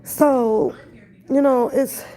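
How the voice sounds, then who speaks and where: A woman's voice: high-pitched, fairly even intonation, drawn-out words, warm tone. An older woman chatting bluntly to her viewers from her kitchen, profane and emphatic, stretching out her words. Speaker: reaction channel host. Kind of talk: casual commentary to viewers. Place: home kitchen.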